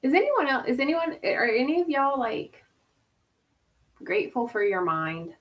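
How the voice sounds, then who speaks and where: A woman's voice: high voice, big pitch swings, unhurried, dull audio. A woman hosting a casual live stream from home over a video call, chatty and laughing, full of "like" and "y'all". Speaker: host.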